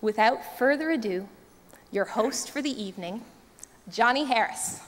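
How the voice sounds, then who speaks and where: Female stage announcer, fairly high voice, distant in a reverberant hall with crowd noise. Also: lively intonation, moderate pace. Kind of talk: stage introduction. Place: large armoury hall at a live event.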